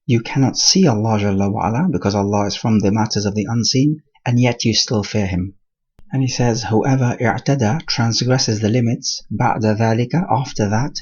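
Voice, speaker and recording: Husky-voiced man explaining Quran verses. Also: mid-range voice, darkish tone, lo-fi sound. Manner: explains slowly, pausing between short phrases; recites Arabic verses between English explanations. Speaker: Quran teacher.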